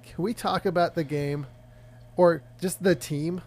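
A man's voice: on the high side, measured pace. A man around thirty co-hosting a podcast, chatting casually and teasing his partner. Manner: joking, teasing, animated. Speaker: podcast co-host. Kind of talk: casual sports chat.

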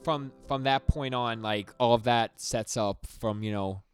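Clear and resonant, this mid-range male voice moves a little slowly. He's a young podcast co-host chatting casually through a manga recap, wandering off track, restarting stammered sentences, and performing the quotes. Music runs beneath him.

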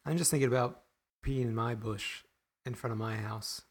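A man in casual chat, adding quiet, dry jokey asides. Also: medium pitch, moderate pace, breathy edge.

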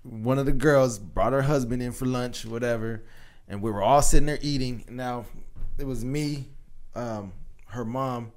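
A man's voice: medium pitch, unhurried. A man in casual chat, telling candid, laid-back stories about his family.

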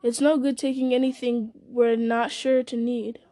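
A woman voicing a loyal, devoted male hobbit servant who talks in an earnest, plain-spoken, halting way. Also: fairly high pitch, level tone, warm tone, no room sound, lightly acted.

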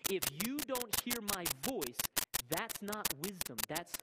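A man's voice: high voice, animated, slow pace, low-quality recording. A man preaching a sermon, emphatic, repeating key words and checking in with "right?". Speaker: pastor. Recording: loud music behind voice.

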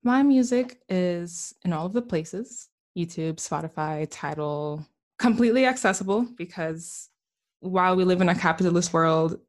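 A woman guest with a Caribbean accent, speaking in a slightly low voice. She talks about her work in an earnest, soulful way, and a laugh often slips into her words. Her pace is unhurried and reflective. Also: lively intonation. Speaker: musician and spiritual healer guest. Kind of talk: reflective podcast conversation.

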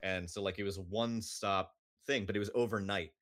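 Co-hosting a podcast, a man tells a travel story in casual conversation, rambling and filling it with plenty of "like" and "um." His voice is lowish and fairly bright, with fairly even intonation and a fairly quick pace.

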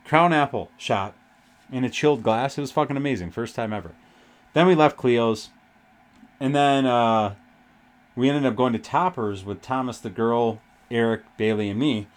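A man's voice: medium pitch, normal speed. Swearing young man telling a story. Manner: rambling, heavy swearing, animated retelling. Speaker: podcast host. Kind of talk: casual storytelling.

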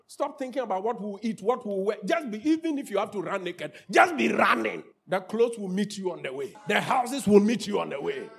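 High gravelly impassioned male preacher. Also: animated, brisk, hardly any pauses. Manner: impassioned preaching, rising to shouts, then repetitive prayer chanting. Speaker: pastor. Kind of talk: sermon.

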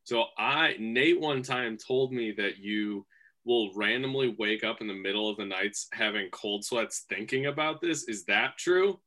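Bright-toned man chatting casually. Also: fairly low pitch, a little slow. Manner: relaxed, hesitant, full of "like". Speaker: podcast co-host. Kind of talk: casual chat.

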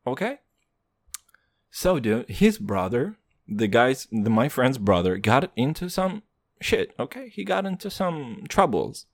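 Casting note: man doing stand-up, English as a second language, hip-hop slang and swearing, slow drawl, big pitch swings. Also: no echo, clean studio sound. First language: not English. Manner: profane slangy hip-hop talk, swinging between loud and muttered. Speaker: stand-up comedian. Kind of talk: stand-up comedy monologue.

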